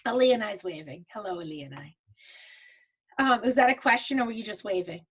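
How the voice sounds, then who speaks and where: A woman's voice: medium pitch, expressive, brisk, breathy edge. A woman teaching makeup steps over a video call, in a chatty, casual way with frequent restarts. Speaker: makeup consultant teaching a virtual class. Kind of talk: casual live video training.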